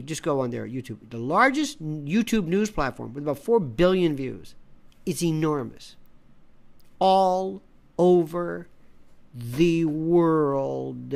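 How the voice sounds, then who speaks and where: An independent media analyst, speaking at medium pitch with noticeable vocal fry, delivers a ranting, opinion-heavy commentary. Phrases get repeated for emphasis, and quoted exchanges are often performed aloud.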